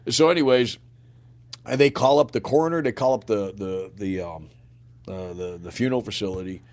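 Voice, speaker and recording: A man's voice: lowish voice, moderate pace, a little mellow. A middle-aged man from the United States, a podcast guest telling a painful personal story in a blunt, casual way full of slang and swearing. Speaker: podcast guest, grieving father.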